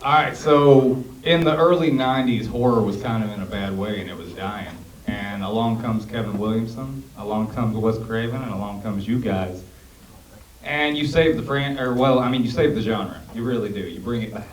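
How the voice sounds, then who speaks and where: A man's voice: fairly low pitch, moderate pace. A man in the audience asking an earnest, emotional question. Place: theater. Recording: distant mic, roomy theater.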